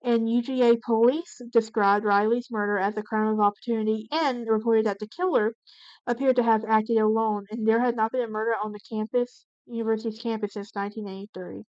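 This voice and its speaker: A woman with a fairly high voice narrates a true crime case as the channel's host. She reads from notes, stumbling and correcting herself often. The sound is dull and lo-fi, recorded dry with no room echo. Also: fairly even intonation, fairly quick, a little mellow, smooth. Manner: reads from notes with frequent restarts and self-corrections.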